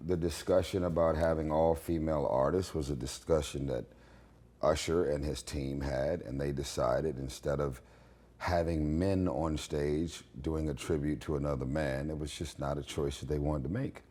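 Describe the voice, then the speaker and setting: A man with a raspy voice giving blunt, confident opinions in a candid interview at his home. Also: very deep voice, fairly even intonation, moderate pace, mellow. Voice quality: raspy, gravelly voice. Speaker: interview guest, singer.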